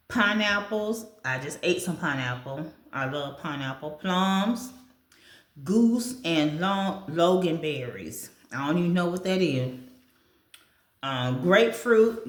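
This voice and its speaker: Chatty woman eating in an echoey room. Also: low voice. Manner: chatty, reads a food list aloud and comments on it; talks with her mouth full. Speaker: vlogger. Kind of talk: casual chat while eating.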